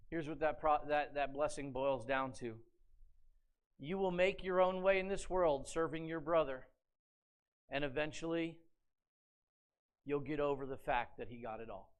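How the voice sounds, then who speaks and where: A male pastor preaching a sermon as an animated storyteller, dramatizing scripture with rhetorical questions to the congregation. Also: a little high, a little slow, pauses often, clear, resonant tone. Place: church sanctuary.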